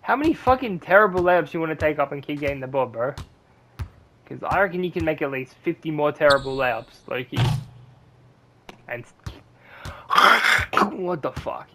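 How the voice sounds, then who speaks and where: A man's voice: a little high, animated, moderate pace, pauses often, background noise. A young man streaming a basketball video game, cursing and ranting at the game while talking to his chat in mumbled asides. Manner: profane, frustrated ranting at the game. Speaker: gaming streamer. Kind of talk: live gameplay commentary to chat.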